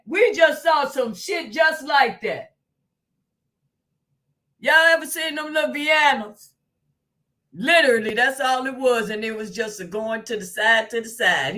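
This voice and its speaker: A woman hosting a live stream in casual chat, loud and exclaiming, laughing and swearing often. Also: fairly high pitch. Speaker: livestream host.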